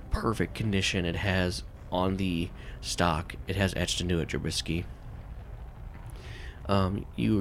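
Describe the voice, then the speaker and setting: A man's voice: sits low, gravelly. A man narrating a tabletop game as game master, rambling and filling with "like" and "um.". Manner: rambling, full of "like" and "um".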